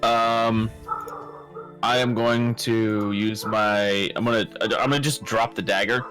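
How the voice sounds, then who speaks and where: A man playing in a tabletop game who speaks slowly and haltingly, restarting as he announces his actions. His voice is somewhat low, with faint music in the background. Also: steady tone, a bit bright, low-quality recording. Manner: hesitant, halting with fillers. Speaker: player.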